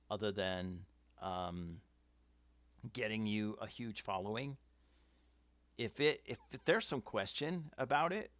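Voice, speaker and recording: A man's voice: on the low side, a bit bright, dry recording. A man hosting a casual livestream, giving firm opinions and reading out viewer comments. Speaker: livestream host. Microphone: webcam setup.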